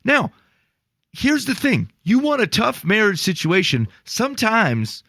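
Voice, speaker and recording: A man co-hosting a casual faith podcast, telling stories in an animated, exasperated way with lots of restarts. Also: high-pitched, measured pace, no echo. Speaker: podcast co-host.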